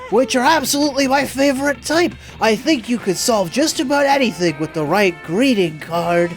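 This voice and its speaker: A man voicing a cheerful, wholesome blob boy who gushes happily in a bright sing-song voice, for a game playthrough. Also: extremely high pitch, lively intonation, normal speed, faint music behind. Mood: gushing.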